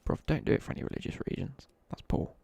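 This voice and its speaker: This young British man is a fast talker with a mellow voice, recorded with no echo. He tells laddish school anecdotes in casual, slangy live-stream chat, making asides while he games.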